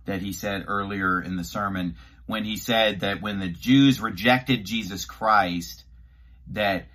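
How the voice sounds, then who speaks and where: A man pausing a sermon clip to give his own commentary, indignant and animated, often restarting his sentences. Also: on the low side.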